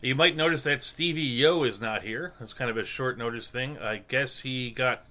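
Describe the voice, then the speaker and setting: Bright-voiced man, rambling podcast chat. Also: medium pitch. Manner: rambling, halting restarts, deadpan joking. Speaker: podcast co-host. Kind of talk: casual chat.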